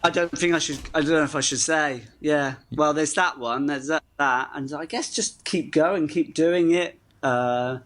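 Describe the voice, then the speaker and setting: A man's voice: fairly high pitch, moderate pace, few pauses, fairly bright tone. A man from the UK who is an actor guest in a casual interview, chatty and self-deprecating, often laughing through his stories.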